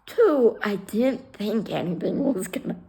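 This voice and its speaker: Her voice is fairly low, gravelly, and darkish, expressive and a little slow. In a casual vlog, this retired fire rescue worker shares her own story with blunt candor, swearing and pairing humor with raw emotion, acting out both parties in the conversations she recreates.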